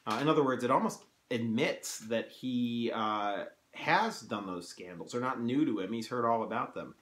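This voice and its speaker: A man's voice: on the low side, expressive, moderate pace, few pauses, a bit bright. A man reading a novel aloud and breaking off to analyze it in a loose, conversational way. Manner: conversational, many fillers and restarts. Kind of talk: casual literary analysis. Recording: roomy echo.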